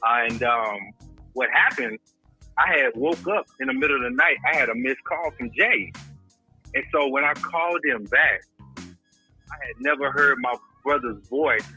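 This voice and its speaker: A man's voice: mid-range voice, measured pace, slightly rough, faint music behind, rough recording. A man giving an impassioned, preacher-like testimony, calling people brother and using religious phrasing. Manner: preacher-like, grows louder and intense. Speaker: guest recounting a friend's illness. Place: at home in Houston.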